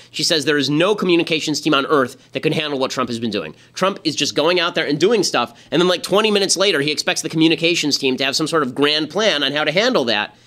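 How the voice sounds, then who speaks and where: A man in his thirties delivers a rapid-fire political monologue, his voice bright, tense and pitched a little high for a man. He piles on sarcastic rhetorical questions with exasperated energy, hosting his own commentary show.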